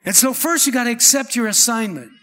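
High, bright-voiced preacher. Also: male voice, animated, fast talker, soft background music. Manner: preaching with call-and-response, repeated "amen" and "come on". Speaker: pastor. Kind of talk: sermon. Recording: long hall reverb.

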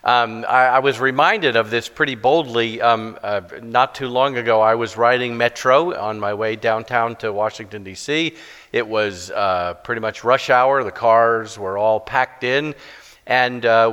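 A middle-aged man preaching a sermon with stories, self-deprecating and halting, with many restarts. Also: medium pitch, pushed and bright. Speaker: guest preacher. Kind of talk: sermon with storytelling. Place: church sanctuary. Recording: long church reverb.

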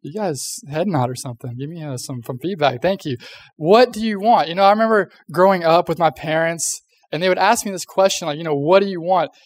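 A man's voice: on the high side, brisk. Chatty young man preaching to youth. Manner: chatty, filler-heavy, acts out voices. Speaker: youth pastor. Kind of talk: casual youth sermon.

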